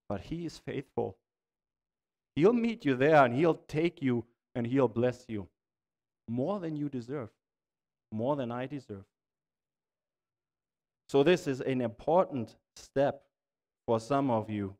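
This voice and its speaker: A man's voice: mid-range voice, measured pace, darkish tone. A man pastor with a German accent, preaching a sermon and praying in earnest, pleading tones. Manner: earnest, pleading, rising in intensity. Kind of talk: sermon and prayer. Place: church sanctuary. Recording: church hall reverb.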